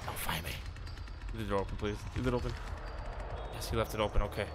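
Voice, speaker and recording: A man's voice: fairly low pitch, level tone, rapid-fire, noisy background. A man giving casual, jokey commentary on a game he is playing, talking to his viewers and now and then putting on silly voices. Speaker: gaming YouTuber.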